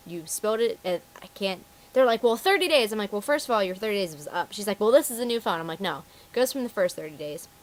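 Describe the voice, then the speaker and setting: A woman's voice: mid-range voice, a bit bright. A young woman who works retail, telling stories about rude customers in a casual vlog and acting out their voices. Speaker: retail phone store worker.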